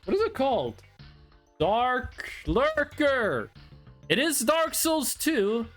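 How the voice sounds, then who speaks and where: A streamer chatting casually with live chat in a blunt, animated way, swearing and laughing often while browsing games. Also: sits high, slow pace, faint music behind.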